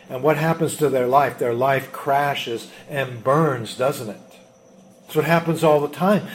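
A man's voice: on the high side, slight background noise. A man preaching a sermon, earnest, often asking rhetorical questions of the congregation. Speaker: pastor.

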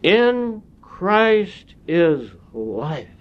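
A man preaching a sermon in a slow, deliberate way, with long pauses between phrases. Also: sits high, sing-song. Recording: dull lo-fi sound.

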